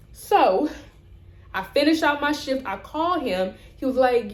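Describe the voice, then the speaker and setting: A woman's voice: on the high side, moderate pace, echoey room. A young woman vlogger telling a rant-style story, acting out the people in it. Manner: animated, acts out both sides of conversations.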